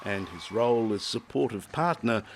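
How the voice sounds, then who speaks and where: A male reporter giving scripted TV narration in a measured storytelling way. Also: lowish voice, animated, slight background noise. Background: music bed.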